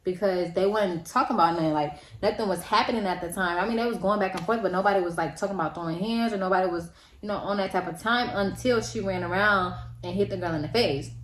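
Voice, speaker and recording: Young woman vlogger, casual slangy storytime, animated; echoey room, faint background hum. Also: fast talker. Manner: animated, slangy, acts out quotes with big pitch jumps.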